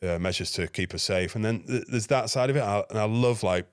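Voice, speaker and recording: A man, a podcast guest, telling a lively anecdote and acting out his own dialogue. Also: fairly low pitch, fairly quick, clean tone, no room sound, studio quality. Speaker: guest, NGO security manager. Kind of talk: casual podcast storytelling.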